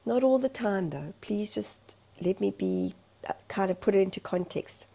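A woman's voice: medium pitch, moderate pace, creaky, mellow. A woman in a candid vlog monologue, speaking as a life coach in an earnest, emotional, rambling way.

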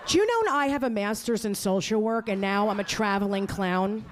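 A woman's voice: mid-range voice, expressive, moderate pace, a crowd in the background. A woman doing live stand-up comedy on a club stage, with a brash, crude delivery and sudden jumps in her voice. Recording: live club audience and noise.

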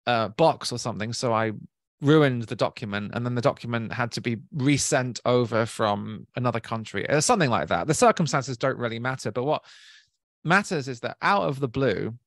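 A man giving a reflective spiritual talk, speaking slowly and gently, searching for words and often restarting. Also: medium pitch, animated, dry recording, clean studio sound. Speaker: spiritual teacher.

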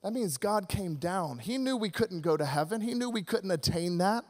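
High-voiced energetic male pastor. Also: moderate pace. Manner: energetic, conversational preaching with audience call-outs. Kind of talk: Christmas sermon.

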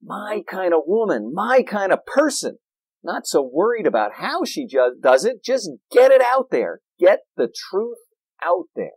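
A man preaching a sermon in a church, animated and playful, with jokes and asides. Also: high-pitched, measured pace, husky, no room sound, poor audio. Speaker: pastor.

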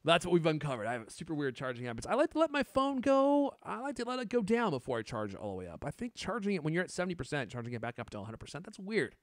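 A man's voice: fairly high pitch, huge pitch swings, very fast, few pauses, no room sound, clean studio sound. A man in his thirties co-hosting a casual tech chat, joking and laughing often. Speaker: podcast co-host.

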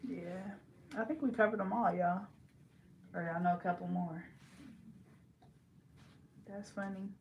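A woman's voice: on the low side, steady tone, measured pace, vocal fry, long pauses, muffled recording. A woman vlogger from the Bay Area of California, chatting casually in a playful, giggly way and second-guessing herself. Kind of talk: casual chat. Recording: echoey room, faint background hiss.

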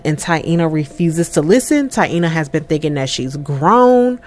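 Animated woman chatting over gameplay. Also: deep voice, moderate pace, hardly any pauses. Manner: chatty, animated, laughing often. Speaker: gameplay commentator. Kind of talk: casual let's-play commentary.

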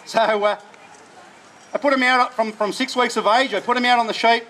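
A man's voice: extremely high pitch, fairly even intonation, moderate pace, pushed and bright, a little hiss or hum. A man explaining dog training at an outdoor demonstration, talking plainly with short commands to his dogs in between. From Australia. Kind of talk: live outdoor demonstration talk. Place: outdoors at a festival display.

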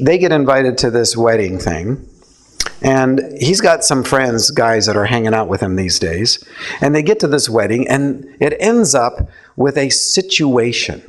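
A man speaking to a live audience in a casual, conversational way, often checking in with listeners and acting out quoted lines. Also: medium pitch. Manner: conversational, asks the audience questions, acts out quotes. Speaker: speaker teaching a theology session. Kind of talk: informal talk to a live audience.

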